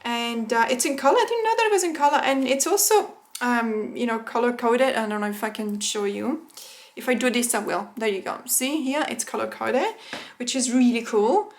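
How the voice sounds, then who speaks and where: A woman vlogging a casual tarot deck unboxing, chatty and excitable, laughing often and talking to her viewers as guys. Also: a little high, normal speed.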